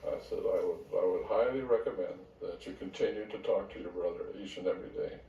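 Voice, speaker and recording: An older man telling a personal story in a halting way, with frequent fillers and restarts. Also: deep voice, warm tone, slight background noise. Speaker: speaker giving a testimony. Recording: distant, echoey, dull lo-fi sound.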